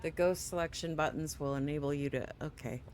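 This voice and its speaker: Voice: mid-range voice, fairly even intonation, noisy background. Sleepy gamer reading tutorial text aloud. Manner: reads on-screen tutorial text aloud with quick asides. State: sleepy, yawning. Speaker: gaming channel host. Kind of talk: casual let's play commentary.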